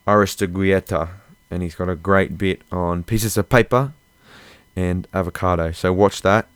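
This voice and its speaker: Podcast guy rambling casually, really deep smooth voice, dry close sound. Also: no echo. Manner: rambling, loose, many fillers. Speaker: podcast host.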